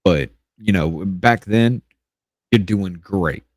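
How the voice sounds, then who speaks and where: A man with a lowish voice, talking on a podcast close to the mic in a dry, dead room. He tells his story in loose, restarting phrases and swears freely. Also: slow, dry recording. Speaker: podcast co-host. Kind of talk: casual podcast chat.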